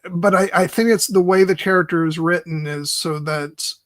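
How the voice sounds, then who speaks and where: A man co-hosting a film podcast, talking in a halting, filler-heavy way and laughing as he retells scenes. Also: high voice, steady tone, dry recording, clean studio sound. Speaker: podcast co-host. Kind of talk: casual film discussion.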